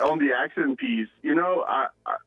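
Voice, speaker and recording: Male caller, non-native English, halting, phone-line sound. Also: medium pitch, gravelly. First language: not English. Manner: halting, many restarts. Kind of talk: casual chat on a phone call.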